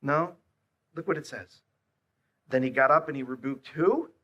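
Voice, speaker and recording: A man preaching a sermon, swinging between hushed, quiet lines and loud, emphatic repeated questions. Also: mid-range voice, normal speed, lo-fi sound. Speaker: pastor.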